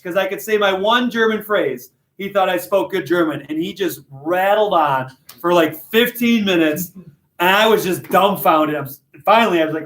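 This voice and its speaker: A man leads his literature class with a slightly high voice. He is animated and jokey and pokes fun at himself. The classroom gives his voice a strong echo. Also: normal speed. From United States. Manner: jokey, animated, self-deprecating. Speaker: high school literature teacher. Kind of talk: classroom discussion and storytelling.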